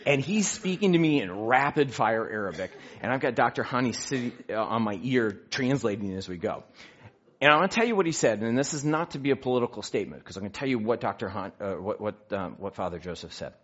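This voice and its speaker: A man telling a personal story in an animated way, acting out the quotes. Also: medium pitch, fast talker. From United States. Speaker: speaker sharing a faith story. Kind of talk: storytelling talk. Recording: dull lo-fi recording.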